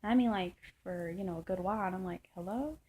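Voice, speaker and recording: A woman telling a personal story straight to camera, rambling and frustrated, with lots of fillers and restarts. Her voice is mellow and soft-edged, and faint noise sits under the recording. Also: lowish voice, fairly even intonation, quick pace, low-quality recording. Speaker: vlogger. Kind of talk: casual storytelling monologue.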